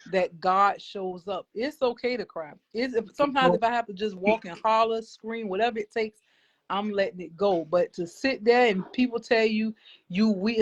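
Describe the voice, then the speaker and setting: A woman guest on a podcast, speaking earnestly and reflectively as she gives a personal faith testimony. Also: mid-range voice.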